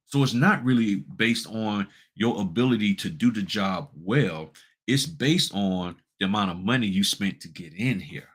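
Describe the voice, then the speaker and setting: A man with a low-pitched voice hosts a casual talk on running a notary business. He speaks bluntly and colloquially, pressing his listeners with rhetorical questions as he walks them through his site. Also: lively intonation, moderate pace, slightly rough. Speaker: notary business channel host. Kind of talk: casual advice talk with screen walkthrough.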